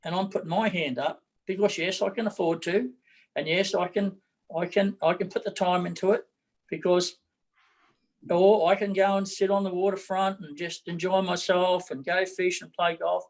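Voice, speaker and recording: A man's voice: high-pitched, fairly even intonation, moderate pace, poor audio. A middle-aged man with an Australian accent, a political candidate talking bluntly in an interview, repeating his words as he goes.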